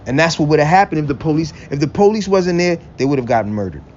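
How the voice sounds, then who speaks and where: A man's voice: a little high, very animated, fast talker, darkish tone. A man in a blunt, profane, preachy rant, quoting scripture and laughing between points. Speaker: religious vlogger. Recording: dull lo-fi recording with faint vehicle noise.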